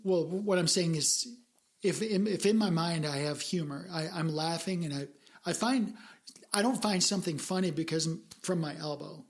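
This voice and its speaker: A woman co-hosting a casual podcast, talking in an earnest, reflective way as she works through her ideas out loud. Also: lowish voice, moderate pace. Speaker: podcast co-host.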